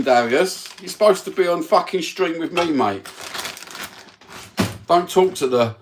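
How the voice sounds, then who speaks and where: A man's voice: on the high side, animated, measured pace, pauses often, background noise. A man, hosting a casual livestream from home with crude, sweary banter into his phone. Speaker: livestream host.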